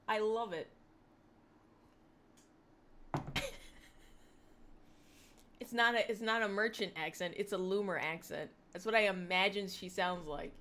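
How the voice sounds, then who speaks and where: A woman's voice: medium pitch, takes it slowly, pauses often, sharp tone. A woman giving casual commentary on posts she reads, sarcastic and mocking, with frequent laughter. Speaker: online commentator.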